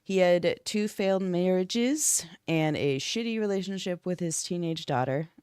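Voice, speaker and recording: A woman's voice: lowish voice, animated, unhurried, darkish tone, smooth, no room sound, studio quality. A woman who is sick and congested, co-hosting a true-crime stream in a casual, swearing chat. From Florida. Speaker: podcast co-host. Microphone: streaming desk mic.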